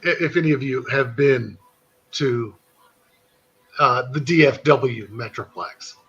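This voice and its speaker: A man's voice: medium pitch, slow pace, breathy edge, lo-fi sound. A man telling a long funny anecdote in a casual chat, often breaking into laughter as he recounts it. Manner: animated anecdote teller, laughing through his story. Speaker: podcast host. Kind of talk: casual storytelling.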